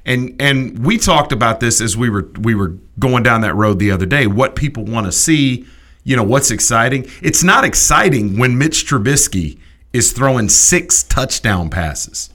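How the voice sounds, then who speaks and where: A man hosts a sports talk debate with a bright, forceful tone. He rants emphatically, piling point on point and tripping into quick restarts as he pushes his case. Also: medium pitch. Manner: animated, emphatic ranting with restarts. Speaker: sports talk show host.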